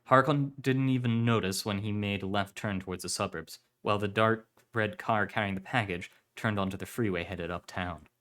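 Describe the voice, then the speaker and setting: Guy reading a story out loud on stream, kinda low voice, steady, fixes his slips as he goes. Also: normal speed, hardly any pauses.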